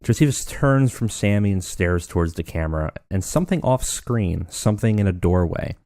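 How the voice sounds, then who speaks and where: A man hosting a let's play, narrating and commenting on a wrestling booking game in a relaxed, rambling way full of fillers. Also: lowish voice, normal speed, dry recording, clean studio sound.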